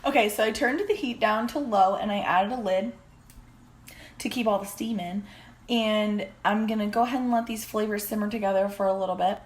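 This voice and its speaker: A woman hosting a casual home cooking vlog in her kitchen, chatty and rambling, with self-deprecating asides. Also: mid-range voice. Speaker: cooking vlogger.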